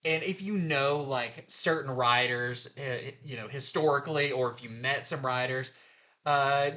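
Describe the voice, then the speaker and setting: A man's voice: mid-range voice, sharp tone. A man giving a casual, rambling review of new comic books on a show he co-hosts. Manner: chatty, rambling retelling with fillers.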